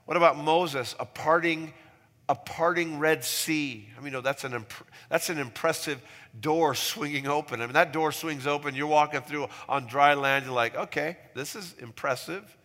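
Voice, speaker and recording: A man preaching a sermon as a pastor, swinging from soft low asides to sudden loud emphatic peaks. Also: fairly even intonation, moderate pace, big-room sound.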